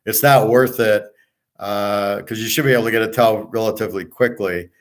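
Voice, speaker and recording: A man's voice: on the low side, fairly even intonation, moderate pace. A middle-aged man hosting a sports betting channel, talking in a blunt, crude, rambling monologue full of fillers and digressions. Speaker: sports handicapping host.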